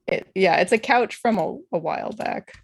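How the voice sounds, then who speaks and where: A woman's voice: medium pitch, animated, moderate pace, creaky. A woman moderating a casual stream panel, chatty and rambling with plenty of laughter.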